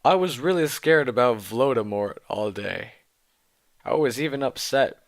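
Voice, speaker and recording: A man's voice: mid-range voice, lively intonation, measured pace. Man mock-earnestly reading fan fiction. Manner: mock-earnest, with dry muttered asides. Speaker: reader.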